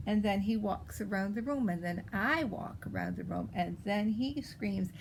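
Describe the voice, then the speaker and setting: A woman voicing a precocious, spoiled little girl as she reads a storybook in character, with a pert, drawn-out way of stressing words. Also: medium pitch, creaky, background noise, natural voice.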